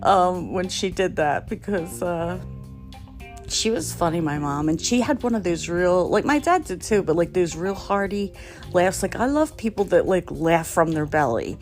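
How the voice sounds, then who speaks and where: A middle-aged woman from the Philadelphia area tells a family story in a loose, rambling way, full of fillers and frequent laughter. Her voice sits a little low. Faint music plays behind her. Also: expressive, moderate pace. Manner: rambling, laughs often, many fillers and restarts. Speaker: storyteller, podcast host. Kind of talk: casual storytelling.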